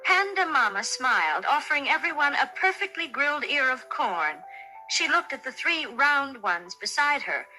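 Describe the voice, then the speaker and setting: Bright, high-voiced woman storyteller. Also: very animated, normal speed, rough recording. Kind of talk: scripted bedtime story narration. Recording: narration over soft music.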